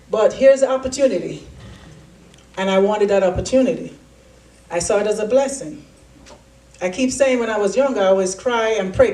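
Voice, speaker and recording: A woman's voice: medium pitch, distant mic. A woman gives a motivational speech, acting out the voices in her story with animation. She sounds set back from the microphone, and a large hall echoes around her. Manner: animated storytelling, acts out quotes. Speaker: keynote speaker.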